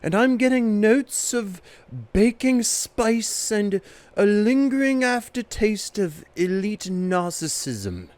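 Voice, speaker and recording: Smug upper-class English gentleman, plummy, high. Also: big pitch swings, no echo, heavily acted. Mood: snooty. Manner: snooty, plummy, drawn-out.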